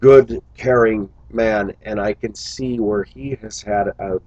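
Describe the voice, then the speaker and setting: A man's voice: lowish voice, fairly even intonation, slow, mellow, lo-fi sound. A man talking to his viewers in a casual vlog monologue, musing aloud and breaking into exclamations. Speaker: vlogger.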